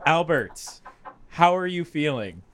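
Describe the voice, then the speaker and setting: A man's voice: fairly high pitch, very animated, takes it slowly, background noise. A young man hosting a casual chat, jokey and theatrical. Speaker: podcast host.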